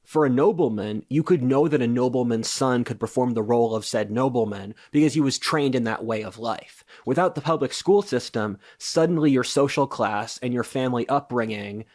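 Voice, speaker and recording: A man's voice: mid-range voice, normal speed, hardly any pauses, a little mellow. A man who is a podcast guest, explaining his views in an assertive, lecturing way during casual interview talk.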